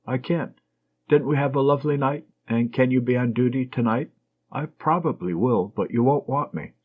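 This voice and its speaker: An affectionate young nurse, teasing and fond, as a husky male narrator puts her on. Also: medium pitch, normal speed, lightly acted. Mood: tender. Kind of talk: audiobook reading. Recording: dull lo-fi recording.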